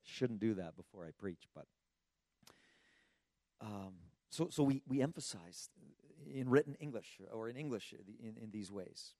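A slightly hoarse man preaching a sermon in an earnest, emphatic way, asking rhetorical questions and often restarting his words. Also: on the low side, lively intonation, measured pace, dark tone, dry recording, clean studio sound. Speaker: pastor.

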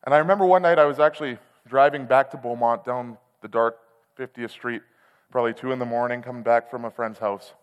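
A man giving a sermon from a large church hall, his voice trailing off into a long reverb. He speaks in an everyday middle register. He tells his own story plainly and candidly, then rises into loud, impassioned cries. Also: medium pitch, steady tone, brisk, clear, resonant tone, highs cut off. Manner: candid storytelling that swells to loud, passionate outbursts. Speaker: preacher. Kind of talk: sermon with personal testimony.

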